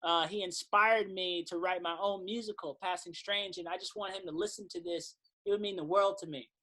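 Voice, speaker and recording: Animated man telling stories. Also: high-pitched, fairly quick. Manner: animated storyteller, acts out quotes, swears casually. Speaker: podcast guest, singer-songwriter. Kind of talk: casual storytelling interview.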